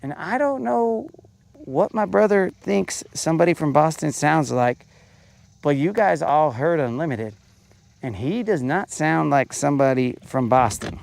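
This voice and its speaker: A man's voice: a little high, lively intonation, unhurried, gravelly, darkish tone. A man hosting a fishing show, giving laid-back, joking commentary from a boat on a lake.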